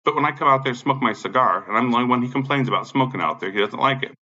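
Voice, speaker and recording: A man's voice: mid-range voice, rapid-fire, sharp tone. A man in an angry, profane rant, agitated, repeating himself and swearing constantly. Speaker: vlogger. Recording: dull lo-fi sound.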